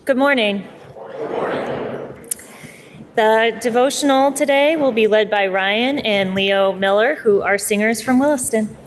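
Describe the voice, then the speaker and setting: Woman presiding officer, formal procedural voice, unhurried delivery. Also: on the high side. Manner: measured and formal. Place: large legislative chamber.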